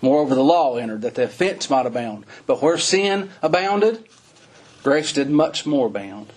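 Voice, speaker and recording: A man preaching a sermon, reading scripture and explaining it in plain folksy talk, rising to fervent emphasis and slowing on key words. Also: lively intonation, a little mellow. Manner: rises to high, fervent emphasis and slows on key phrases; reads scripture in old-fashioned wording, then explains in plain folksy talk.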